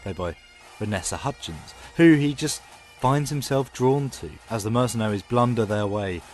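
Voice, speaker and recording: A man's voice: mid-range voice, moderate pace, soft background music. A man co-hosting a film podcast, chatting enthusiastically and reading scripted reviews. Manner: enthusiastic, animated. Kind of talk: casual chat and scripted review narration.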